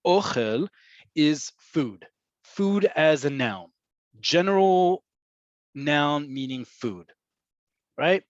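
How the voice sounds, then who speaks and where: A man teaching vocabulary in an online language lesson, explaining patiently and repeating words slowly for learners. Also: a little high, animated, no echo, muffled recording. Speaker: Hebrew teacher. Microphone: computer mic on a video call.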